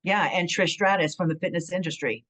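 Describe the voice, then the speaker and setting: Lively storytelling woman, low voice. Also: fairly quick, low-quality recording. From San Bernardino, California. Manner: animated storytelling, acts out quotes, frequent fillers. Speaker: guest, former pro wrestler. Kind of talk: casual interview chat.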